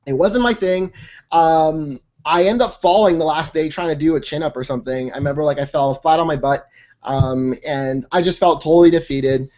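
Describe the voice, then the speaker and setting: A man who works as a fitness coach, telling a personal story as a guest speaker on a team call in an energetic, chatty way with many fillers and mild slang. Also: on the high side, normal speed. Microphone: conference call line. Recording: dull lo-fi call audio.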